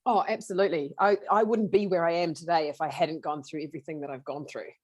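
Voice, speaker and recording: Low-voiced New Zealand woman, rambling. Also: quick pace, dry recording, clean studio sound. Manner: rambling, many restarts and fillers, animated. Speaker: podcast guest. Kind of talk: casual interview talk.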